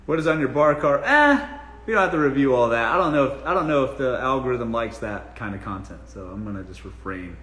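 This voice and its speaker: A man's voice: mid-range voice, animated, a little fast, fairly bright tone, roomy sound. A man from South Carolina with a Southern accent, hosting a casual live-stream Q&A on dating and giving blunt, profane, joking answers. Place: room in his home.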